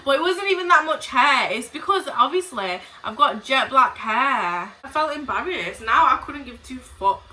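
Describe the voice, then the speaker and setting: Give me a young woman, animated and blunt, chatting casually to camera with a bright voice. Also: high voice, moderate pace, hardly any pauses, rough recording. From England. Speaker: vlogger. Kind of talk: casual storytime chat.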